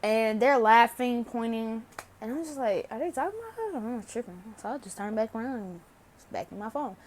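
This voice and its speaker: A woman's voice: a little high, animated, brisk, a little hiss or hum. A young woman vlogging to camera, telling a story casually, laughing often and swearing freely.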